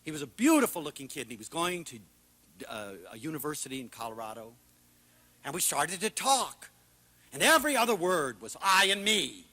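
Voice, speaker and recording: Passionate male lecturer, high and bright, big dynamic swings between shouts and near-whispers. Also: a little fast. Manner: animated storyteller, swings from loud exclamations to hushed asides. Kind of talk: passionate public talk.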